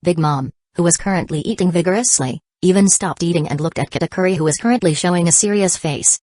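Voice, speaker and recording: A woman giving steady, scripted narration of an audiobook. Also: lowish voice, fast talker, no echo.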